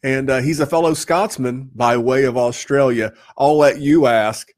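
A podcast host with an average-pitched voice keeps things loose and upbeat at a moderate pace. He rambles a bit in easy, casual chat, piling up shout-outs and plugs along the way.

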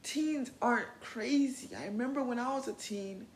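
A young woman hosting a self-help podcast, talking in an earnest, animated way, laughing often and swearing casually. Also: fairly high pitch, moderate pace, roomy sound, slight background noise, poor audio. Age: young adult. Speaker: podcast host.

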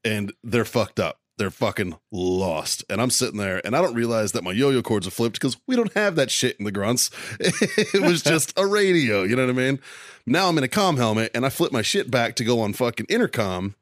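A man's voice: mid-range voice, big pitch swings, moderate pace, no echo, clean studio sound. A man co-hosting a podcast, telling a casual, profane war story and laughing at himself. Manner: laid-back, swears a lot, laughs at own story. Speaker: podcast co-host.

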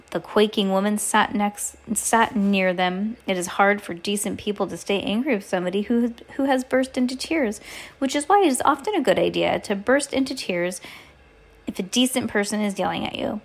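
A woman reads a novel aloud in a casual, unpolished way. She stumbles over words now and then and giggles at the text. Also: medium pitch. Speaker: reader.

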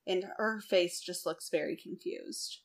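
A woman's voice: on the low side, unhurried. A woman co-hosting a casual podcast, recapping a TV episode in a chatty, wry way. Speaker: podcast co-host. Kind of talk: casual chat recapping a TV show.

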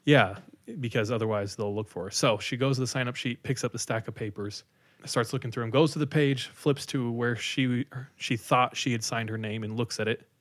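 A man casually retelling a story on a podcast, animated and full of likes as he acts out quotes. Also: medium pitch, normal speed.

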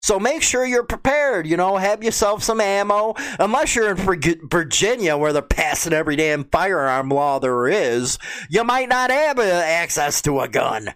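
A man's voice: high-pitched, lively intonation, moderate pace, few pauses, fairly bright tone, clear, resonant tone. A man with a Chicago accent who swears constantly, reads out news and angrily mocks it. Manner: crude, indignant, swears a lot. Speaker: vlogger. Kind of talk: profane political rant.

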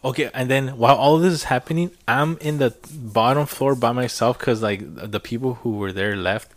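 A man's voice: mid-range voice, normal speed. A young man in casual chat with friends, laid-back and laughing as he chimes in. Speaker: friend in the story.

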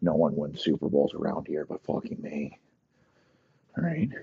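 A man doing a gruff, menacing football boss. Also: sing-song, moderate pace, highs cut off, heavily acted. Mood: scheming. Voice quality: gruff, low and menacing, swearing constantly. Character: foul-mouthed scheming aging male football executive.

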